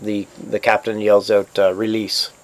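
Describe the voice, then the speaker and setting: A man with a lowish voice narrates as game master over online voice chat. He talks haltingly, with plenty of fillers and restarts as he describes the scene. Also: fairly even intonation.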